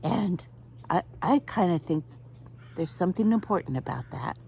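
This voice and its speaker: A woman's voice: lowish voice, animated, normal speed, creaky, mellow, slight background noise. An older woman chatting to camera outdoors, telling a story with lots of laughter. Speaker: vlogger.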